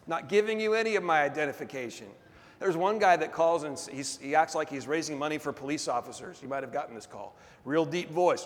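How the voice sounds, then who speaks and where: High-voiced preacher man, echoey hall. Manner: call-and-response, drawn-out emphatic phrases. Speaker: pastor. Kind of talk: sermon. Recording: long reverb of a big hall.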